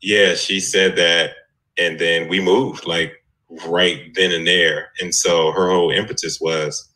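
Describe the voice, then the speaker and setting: Low, bright-voiced man chatting casually. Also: slow pace, low-quality recording. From United States. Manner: relaxed, laughs while telling stories. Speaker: panelist. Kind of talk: casual panel discussion.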